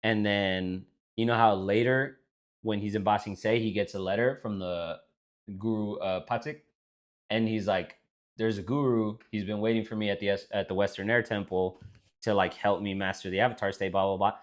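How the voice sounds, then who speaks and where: A man's voice: lowish voice, fairly even intonation, normal speed. A man co-hosting a casual podcast chat, rambling and swearing, with frequent restarts. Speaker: podcast co-host.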